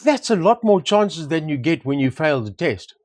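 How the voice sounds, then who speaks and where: A man's voice: fairly high pitch, sing-song, normal speed, a little mellow, no echo. A man co-hosting a property discussion, talking casually and reflectively, telling anecdotes and repeating words for emphasis. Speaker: property market co-host. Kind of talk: casual conversation.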